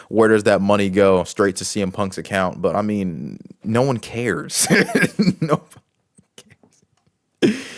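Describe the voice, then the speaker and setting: A man's voice: sits low, smooth, dry recording, studio quality. A man giving casual commentary as a wrestling show reviewer, rambling with many restarts and fillers.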